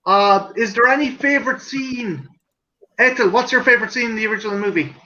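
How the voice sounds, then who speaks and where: A man's voice: sits high, a little fast, pushed and bright, muffled recording. A man hosting a livestream in casual chat, rambling, swearing and laughing. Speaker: stream host.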